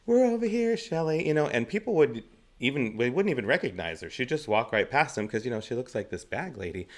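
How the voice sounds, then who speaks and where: A man's voice: mid-range voice, very animated, fast. Chatty man telling theatre stories. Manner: chatty, laughs often between stories; gives practical stage tips. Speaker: guest actor. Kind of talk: anecdotal interview storytelling.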